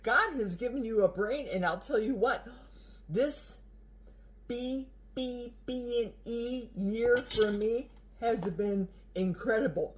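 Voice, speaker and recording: Older woman, food vlogger, high-ish voice with lively swoops, unhurried delivery. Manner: animated, chatty, talks with mouth full. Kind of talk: casual cooking vlog with tasting.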